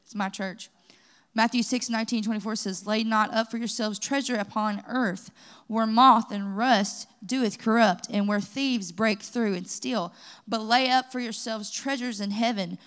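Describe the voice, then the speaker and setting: A woman on the pastoral staff, speaking with a Kentucky accent, preaches at a Bible study in a church sanctuary. Her mid-range voice is clear and resonant, her pace measured, as she blends personal testimony with scripture. Her lively storytelling builds into exhortation.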